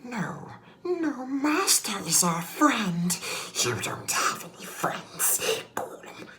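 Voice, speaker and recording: A man imitating a wretched male creature, raspy and hissing, slipping into whispers. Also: extremely high pitch, big pitch swings, slow pace, pushed and bright, voice pushed up, heavily acted. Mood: sneaky.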